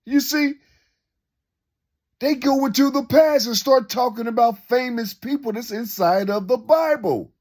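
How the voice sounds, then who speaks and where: A very high-voiced man with a somewhat dark tone reflects unhurriedly in a rambling monologue. He speaks loosely and without a script, asking rhetorical questions and saying the same things again.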